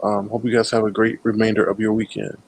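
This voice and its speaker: A man hosting a casual online chat show in a relaxed, drawling way, saying y'all. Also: on the low side, quick pace, slight background noise. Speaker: host.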